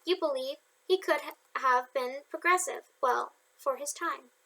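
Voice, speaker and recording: A woman reading the lines of a gentle young male artist in her storybook, soft and earnest, close to her own voice. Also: sits high, measured pace, exaggerated voice, poor audio. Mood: tender.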